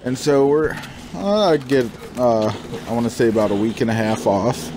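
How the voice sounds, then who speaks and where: A man's voice: mid-range voice, normal speed, background noise. Rambling young man telling a story. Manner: rambling, swears, acts out his own panicked inner voice. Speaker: gaming vlogger. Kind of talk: casual storytelling over gameplay.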